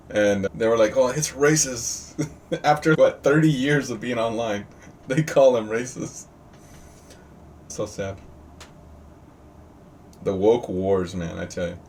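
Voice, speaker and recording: Man, online class teacher, chatty and jokey, quizzes students, mid pitch, distant video-call mic, faint background hiss. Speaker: trading teacher.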